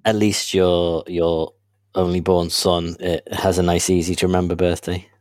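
A man chatting casually as a co-host, mostly giving short, relaxed reactions. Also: sits low, moderate pace, no room sound, clean studio sound. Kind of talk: casual chat.

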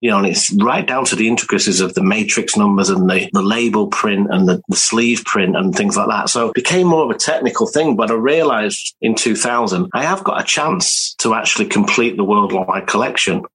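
English man, low husky voice, rambling chatty guest on a video call. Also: lively intonation, brisk, hardly any pauses, fairly bright tone, rough recording. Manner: chatty, rambling anecdotes with laughs and restarts. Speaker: guest, memorabilia collector. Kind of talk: casual conversational interview.

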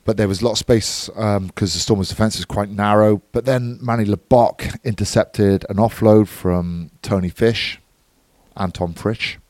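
A man's voice: lowish voice, fairly even intonation, moderate pace, a little mellow, dry recording. A man co-hosting a podcast, giving a matter-of-fact, analytical match recap in casual chat. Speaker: podcast co-host.

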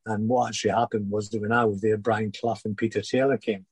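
An older man with a low, husky voice, recounting stories at an unhurried pace. He stumbles and restarts often, chuckling as he goes. The sound is dry and close. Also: little pitch movement, dry recording, rough recording. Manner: halting, many restarts and fillers, laughs through anecdotes. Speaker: former footballer guest. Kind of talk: relaxed interview storytelling.

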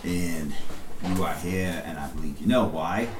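A man voicing a weary, gruff 1920s police detective who grumbles and questions suspects sarcastically. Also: deep voice, unhurried, reverberant, recorded from a distance, noisy background.

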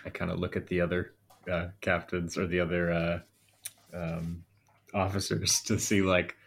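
A man's voice: deep voice, completely flat delivery, moderate pace. A man playing a tabletop game who talks earnestly and hesitantly, with many fillers. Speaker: player. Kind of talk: in-character casual talk.

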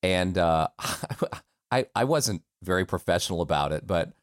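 American voice actor guy, really low voice, dry close sound, rambly and candid. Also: lively intonation, unhurried, dry recording. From United States. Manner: candid, self-deprecating, rambling. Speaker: voice actor guest. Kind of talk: casual interview chat.

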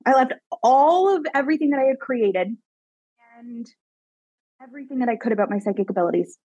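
Animated woman telling her story, dry sound. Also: on the high side, a little fast, no echo, muffled recording. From Canada. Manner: animated, emphatic, frequent "like" fillers. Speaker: guest, psychic medium mentor. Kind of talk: personal storytelling in a podcast interview.

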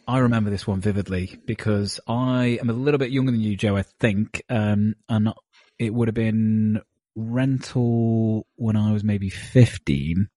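A man's voice: on the low side, unhurried, dark tone, dry recording. A man from Glasgow, hosting a movie podcast in a chatty, wry way. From Glasgow, Scotland. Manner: chatty, wry, with many fillers. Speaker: podcast host. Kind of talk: casual podcast chat.

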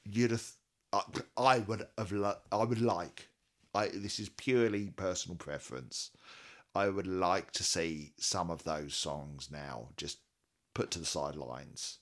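A man's voice: low voice, unhurried, fairly bright tone. A man co-hosting a casual chat, enthusiastic, reeling off statistics and laughing often. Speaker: podcast co-host.

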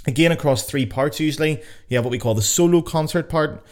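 A man's voice: fairly high pitch, brisk, darkish tone. A young man with a Belfast accent hosting a casual educational podcast, chatty, joking and swearing freely. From Northern Ireland. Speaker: podcast host. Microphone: podcast mic.

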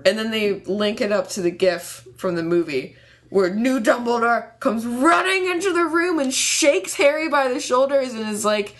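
A young woman co-hosting a casual chat, animated and laughing often, ranting with passion. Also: a little high, moderate pace.

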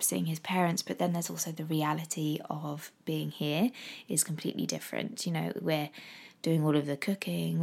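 An English woman in her thirties talks to camera in a casual, rambling vlog, filling pauses with ums. Her voice sits a little low and carries a gravelly fry. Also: a little mellow. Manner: rambling and chatty with frequent ums. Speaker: vlogger. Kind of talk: casual chat.

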